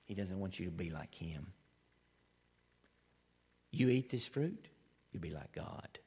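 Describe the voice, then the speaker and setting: A man preaching, dropping his voice low and quiet to play a sly serpent who coaxes and insinuates. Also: lively intonation, takes it slowly, slightly rough, full character voice. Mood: coaxing. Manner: hushed, insinuating, sinking to a whisper. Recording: long hall reverb.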